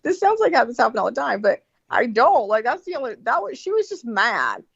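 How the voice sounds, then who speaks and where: Woman guest, swears a lot, chatty storyteller, pitch jumps all over, dull muffled line. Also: brisk, creaky, slightly rough, no echo. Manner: profane, animated, many fillers and restarts. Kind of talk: casual storytelling chat. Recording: dull lo-fi sound, dry.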